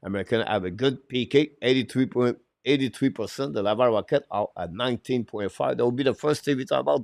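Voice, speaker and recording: A man calling hockey play-by-play on a live stream. He talks haltingly, with frequent "uh" fillers, broken English phrasing and apologetic self-corrections. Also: mid-range voice, animated, vocal fry, a little mellow, dry recording, clean studio sound. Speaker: play-by-play commentator and show host.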